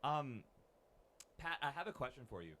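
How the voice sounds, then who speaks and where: A man's voice: mid-range voice, very animated, moderate pace, bright, forceful tone, a little hiss or hum. A man streaming live in casual chat, rambling in a playful, self-deprecating way.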